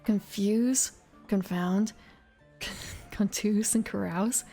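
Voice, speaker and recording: A woman softly reading game rules aloud in an ASMR whisper, musing to herself between passages. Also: medium pitch, unhurried, pauses often, husky. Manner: soft, musing asides between rule text. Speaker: ASMR reader. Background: faint ambient music.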